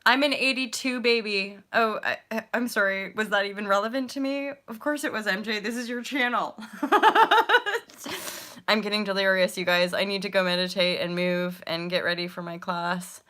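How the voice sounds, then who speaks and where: A woman's voice: mid-range voice, moderate pace, sharp tone. A woman in her thirties, a yoga teacher hosting a casual livestream, talking candidly, swearing freely and laughing often. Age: 30s. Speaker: yoga teacher and channel host.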